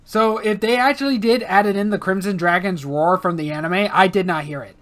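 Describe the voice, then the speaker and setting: A man co-hosting a let's play, chatting casually in halting speech full of fillers. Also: high-pitched, fairly bright tone. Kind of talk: casual gaming chat.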